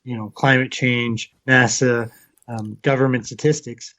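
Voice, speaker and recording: A man's voice: mid-range voice, a little slow. A Canadian man co-hosting a podcast, ranting in casual, profanity-heavy chat. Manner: animated, swears constantly. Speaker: podcast co-host. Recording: slightly muffled lo-fi audio.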